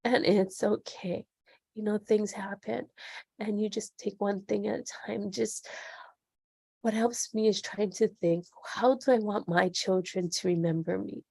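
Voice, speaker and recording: A woman's voice: medium pitch, steady tone, measured pace, creaky, a little mellow, slightly rough, no room sound. A middle-aged woman speaking as a podcast guest, earnest and reflective as she talks openly. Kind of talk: candid interview conversation.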